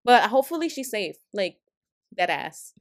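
A woman's voice: medium pitch, moderate pace. A young woman co-hosting a podcast, chatting casually and telling a work story with lots of acted-out quotes. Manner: animated storytelling, acts out quoted people. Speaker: podcast co-host. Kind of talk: casual chat.

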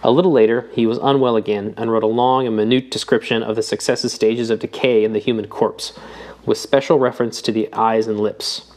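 Steady male audiobook narrator. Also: medium pitch, a little fast. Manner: reads steadily, lifting his voice for quoted dialogue. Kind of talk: scripted narration.

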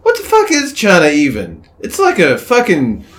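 A man, trading crude jokes and deadpan asides with a friend. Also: sits high, normal speed. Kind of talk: casual profane banter.

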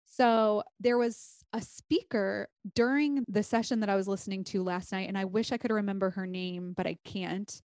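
A woman's voice: mid-range voice, steady tone, moderate pace, hardly any pauses, darkish tone, no echo. A woman podcast strategist as a guest, telling a story earnestly and casually.

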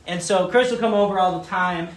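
A man in his thirties giving a playful church talk, telling stories with lots of fillers and bursting into loud, excited acted asides. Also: high voice, brisk. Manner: chatty, many fillers like "um" and "like". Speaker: speaker giving a children's message. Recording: roomy echo.

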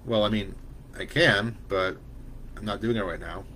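A man's voice: fairly low pitch, normal speed, sharp tone, a little hiss or hum. A man doing an easygoing male superhero. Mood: relaxed.

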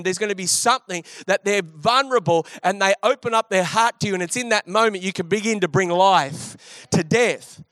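A man's voice: sits high, fairly bright tone, dry recording, studio quality. A male pastor preaching a sermon, telling a story emphatically with restarts.

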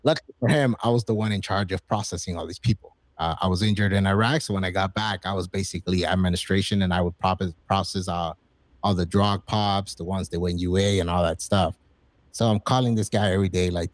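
A man in his forties telling stories in casual, profane chat, acting out quoted lines with excitement. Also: low voice, fairly quick, dry recording. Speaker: podcast guest.

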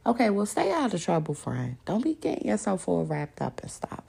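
Female podcast host, gravelly rasp, blunt and profane, animated straight-to-listener rant. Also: mid-range voice, normal speed. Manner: animated, laughs often. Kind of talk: casual chat, open discussion monologue.

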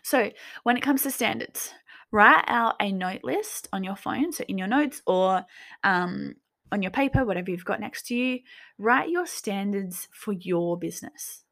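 A young woman hosting a coaching talk, gently guiding listeners through reflective questions. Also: medium pitch, lively intonation, a little slow, vocal fry. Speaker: business coach and podcast host.

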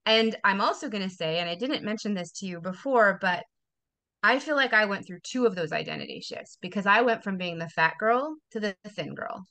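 A woman's voice: mid-range voice, lively intonation, a little fast, bright, forceful tone. A woman in her forties, a wellness coach talking as a guest in a casual podcast interview, emphatic and motivational, repeating phrases for effect. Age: 40s.

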